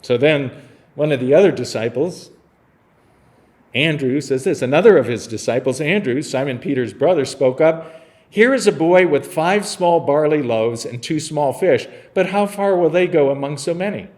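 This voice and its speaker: A man preaching a sermon, his voice sitting a little higher than most men's. He talks the congregation through a Bible passage like a conversation. He slips into playful, humorous retellings of the scenes. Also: moderate pace, darkish tone. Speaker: pastor.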